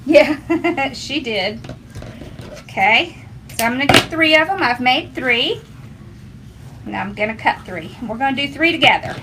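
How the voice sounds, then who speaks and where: A woman's voice: sits high, expressive, unhurried, pauses often, background noise. A woman hosting a casual craft tutorial at home, chatty and homey, talking to her viewers and her dog. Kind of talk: casual how-to demonstration.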